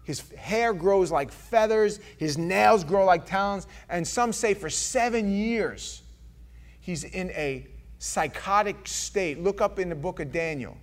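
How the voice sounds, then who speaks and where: A man's voice: high-pitched, takes it slowly. Earnest preacher man with a raised voice. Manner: earnest, pleading, shifts from loud to hushed. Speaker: pastor. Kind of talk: sermon.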